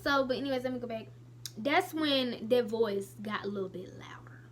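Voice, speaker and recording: Chatty young woman, slightly high voice. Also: moderate pace, a crowd in the background. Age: late teens. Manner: chatty, animated retelling with lots of "I was like". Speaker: vlogger. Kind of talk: casual storytelling to camera.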